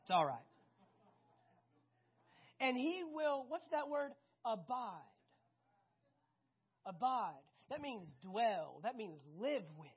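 A woman preaching a sermon, animated and conversational, often asking the congregation questions. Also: high voice, slow, long pauses, breathy edge, highs cut off.

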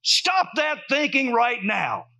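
A man voicing a strong, authoritative divine voice that speaks slowly and loudly. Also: very high-pitched, wildly swooping pitch, vocal fry, pitched above the performer's own voice, exaggerated voice. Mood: commanding. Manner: slow, loud, commanding.

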